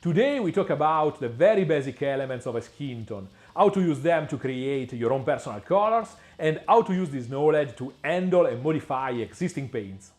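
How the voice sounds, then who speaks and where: A man giving a scripted painting tutorial, measured and explanatory, with frequent small pauses and the odd dry aside. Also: fairly high pitch, expressive, a little mellow.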